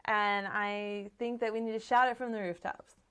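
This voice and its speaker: A woman's voice: mid-range voice, level tone, normal speed, a bit bright, smooth. A woman co-hosting a casual book podcast, enthusiastic and rambling, with lots of fillers. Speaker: podcast co-host. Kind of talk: casual chat.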